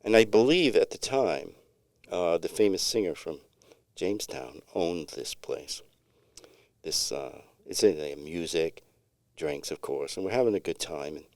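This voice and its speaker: A man's voice: low voice, a little mellow, no room sound, clean studio sound. A middle-aged man co-hosting a podcast, telling a long story in a rambling, laid-back way with many restarts. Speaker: podcast co-host. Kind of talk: casual storytelling chat.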